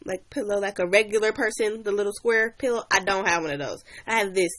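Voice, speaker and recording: A woman's voice: mid-range voice, fast, fairly bright tone. A young woman chatting on a livestream, animatedly telling a story and greeting new viewers. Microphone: webcam or phone mic.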